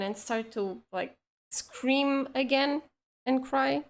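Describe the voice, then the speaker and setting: A woman's voice: medium pitch, steady tone, unhurried. A woman telling a long story in casual chat, rambling with lots of "like" and restarts. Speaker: streamer.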